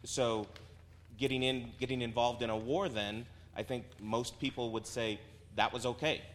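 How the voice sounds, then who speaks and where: A man speaking up from the congregation, reasoning aloud with dry sarcasm. His mid-pitched voice carries a long church reverb, with faint noise behind it. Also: fairly even intonation, normal speed. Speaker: congregation member. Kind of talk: casual discussion.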